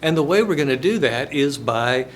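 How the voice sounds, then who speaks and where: A man's voice: mid-range voice, animated, normal speed, a little hiss or hum. A man, a business professor lecturing in a folksy, joking, conversational storytelling manner.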